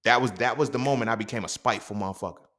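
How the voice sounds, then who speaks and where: Low-voiced young man, profane storyteller. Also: racing. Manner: profane, animated, slangy storytelling. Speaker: podcast host. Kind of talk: personal storytelling monologue.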